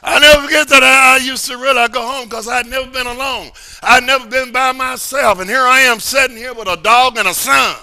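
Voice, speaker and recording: A middle-aged man pastor preaching a sermon in a church service, emphatic and repetitive, swinging between sudden shouts and quiet asides. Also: very high voice, fairly even intonation, fairly quick, hardly any pauses. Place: church sanctuary during a service.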